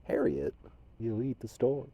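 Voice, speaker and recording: A man from Minnesota talking casually to unseen spirits as a medium, rambling and shifting between loud commands and soft whispers. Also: mid-range voice, big pitch swings, measured pace, breathy edge, no room sound. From Minnesota, USA.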